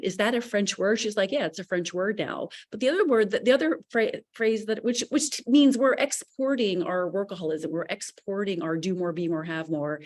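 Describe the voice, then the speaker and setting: A woman speaking as a panelist in a casual online discussion, animated and full of restarts and asides. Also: medium pitch.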